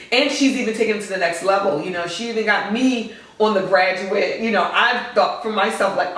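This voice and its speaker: A woman's voice: mid-range voice, fairly bright tone. Earnest woman in her forties, echoey room. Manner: earnest, heartfelt, outspoken. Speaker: guest, host's mother. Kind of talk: casual podcast chat. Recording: echoey room, distant mic.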